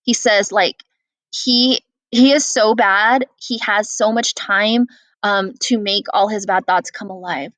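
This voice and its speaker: A woman's voice: mid-range voice, fairly even intonation, takes it slowly, fairly bright tone, no echo. Casual woman teacher explaining a play. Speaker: English teacher. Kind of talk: guided reading lesson.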